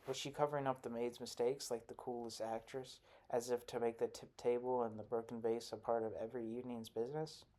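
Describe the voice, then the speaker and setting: A man narrating a literary short story in a measured, even reading. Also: mid-range voice. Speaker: audiobook narrator.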